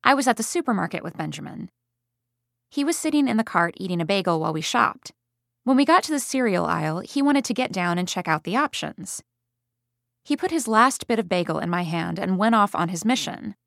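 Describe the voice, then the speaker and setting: A woman's voice: medium pitch, expressive, fairly quick, vocal fry, a bit bright, no echo, clean studio sound. A woman reading a first-person parenting story in a chatty, wry way. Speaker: audiobook reader of a parent's story.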